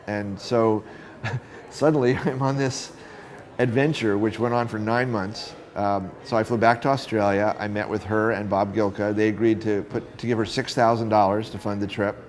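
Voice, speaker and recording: A man's voice: on the low side, normal speed. A middle-aged man, a photographer, telling stories from his career in an interview and acting out the voices of the people he met. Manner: animated storyteller acting out quoted voices. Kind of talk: storytelling interview.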